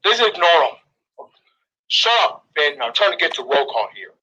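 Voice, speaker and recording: A man's voice: on the high side, very animated, moderate pace, bright, forceful tone, breathy edge, highs cut off, exaggerated voice. A man doing an exasperated teacher. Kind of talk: voicing game characters aloud.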